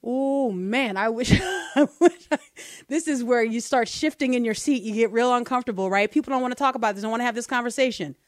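A woman hosting a podcast, talking through political commentary in an animated, rhetorical way. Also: fairly high pitch, brisk, no echo, clean studio sound. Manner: animated, rhetorical, asks listeners to bear with her. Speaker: podcast host.

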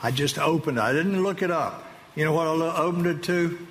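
A man giving an emotional personal testimony to an audience, earnest and halting, with slow emphatic phrases. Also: a little high, a bit bright. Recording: long reverb of a large hall with faint ambient noise.

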